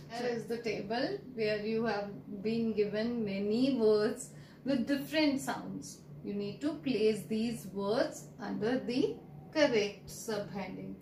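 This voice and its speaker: Indian english lady teaching kids, slow careful drills, faint noise behind. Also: on the high side, darkish tone. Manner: slow, drawn-out word drills with stressed vowels. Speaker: primary school teacher. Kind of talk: online classroom lesson. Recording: echoey room, distant mic, faint noise.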